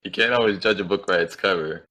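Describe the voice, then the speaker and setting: A man's voice: low-pitched, fast talker, pushed and bright. A man voicing a sly rogue thief in a tabletop game, talking casually and evasively.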